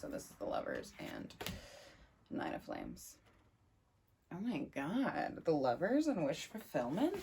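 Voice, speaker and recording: A woman giving a casual tarot reading, chatty and excitable as she thinks aloud over the cards. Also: a bass voice, gravelly, noisy background. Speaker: tarot reader.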